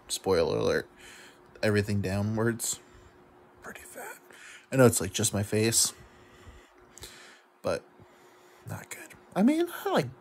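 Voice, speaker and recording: A man's voice: fairly low pitch, slight background noise. A drunk man rambling to the camera, self-deprecating and full of fillers. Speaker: YouTube comedian. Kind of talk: rambling confessional monologue to camera.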